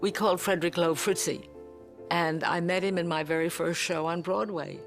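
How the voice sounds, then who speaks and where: An older man telling an anecdote, a lively storyteller who mimics the sounds he describes. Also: fairly high pitch, moderate pace, soft background music. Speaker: interviewee. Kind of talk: reminiscing anecdote.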